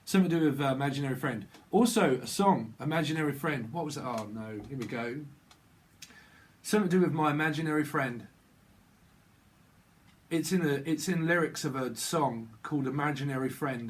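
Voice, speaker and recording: A man's voice: medium pitch, brisk. A man rambling through a channeled tarot reading, hopping between wordplay and chuckling at his own jokes. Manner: rambling free-association wordplay, laughing at himself. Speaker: tarot reader.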